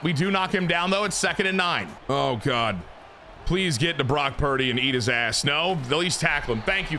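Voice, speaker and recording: A man commentates his own football video game, his voice bright and sitting a little high for a man. He swings from loud, swearing outbursts to low muttering. Quiet game music plays faintly behind him. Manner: excitable, swears a lot, swings from yelling to mumbling. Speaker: gaming YouTuber. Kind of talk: casual gameplay commentary.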